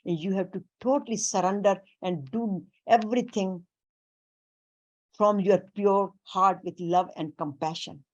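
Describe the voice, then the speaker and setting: A woman giving a spiritual talk, speaking deliberately and weaving in Sanskrit and Hindi terms. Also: lowish voice. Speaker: spiritual teacher.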